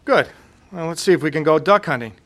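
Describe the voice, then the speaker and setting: An actor in a radio drama playing a chatty, friendly duck-hunting buddy. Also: male voice, on the high side, lively intonation, fast, a bit bright, soft background music. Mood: easygoing.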